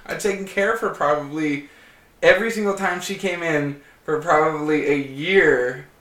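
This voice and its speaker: A man's voice: fairly high pitch, moderate pace. Man telling a story, echoey room. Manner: animated storyteller, acts out quotes. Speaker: guest. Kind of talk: casual storytelling chat. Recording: echoey room, distant mic.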